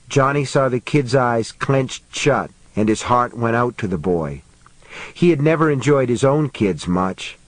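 A man narrating an audiobook in a steady, measured reading voice. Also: medium pitch, no room sound, rough recording.

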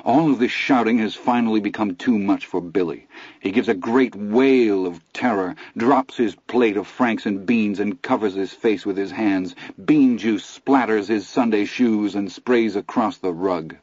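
A man narrating a novel aloud in a measured, even storytelling delivery. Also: fairly low pitch, slightly rough, no room sound, highs cut off. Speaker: audiobook narrator. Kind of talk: scripted narration.

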